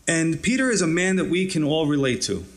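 Guy pastor with a higher-ish voice giving a chatty sermon, easygoing, lots of "you know" and "right". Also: big pitch swings, fairly quick. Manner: casual and encouraging, with frequent "you know" and "right". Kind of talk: conversational sermon.

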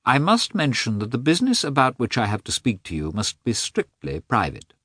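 A man voicing a stiff middle-aged official who speaks formally and with measured emphasis. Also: medium pitch, wildly swooping pitch, a bit bright, husky, no room sound, studio quality, voice pushed up, exaggerated voice.

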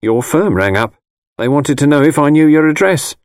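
A stern, sharp-tongued middle-aged mother, as a male narrator puts her on, clipped and reproachful, raised a little above his own voice. Her pitch rises and falls freely, and the recording is close and dry. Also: expressive, normal speed, clear, resonant tone, no room sound, natural voice. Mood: disapproving. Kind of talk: audiobook character voice.

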